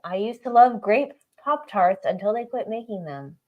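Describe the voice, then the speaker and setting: A woman's voice: medium pitch, lively intonation, moderate pace. A woman co-hosting a casual livestream, teasing and blunt in her banter. She jumps to new topics without warning, and her voice comes through a dull, lo-fi sound. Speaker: podcast co-host.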